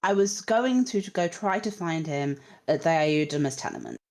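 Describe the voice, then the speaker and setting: A woman running a tabletop game as game master, talking casually in a relaxed, amused way. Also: deep voice, normal speed. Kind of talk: casual chat.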